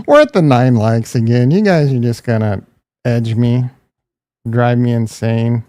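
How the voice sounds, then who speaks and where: A man's voice: medium pitch, animated, slow, long pauses, a little mellow, no room sound, studio quality. A man hosting a casual livestream, joking and ranting, talking straight to his chat and calling viewers bro and dude. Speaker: crypto livestream host.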